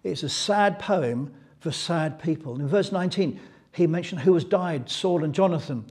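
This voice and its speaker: A man's voice: on the high side, moderate pace, darkish tone, husky. A man teaching a church Bible study, retelling the passage as a story and reading scripture aloud.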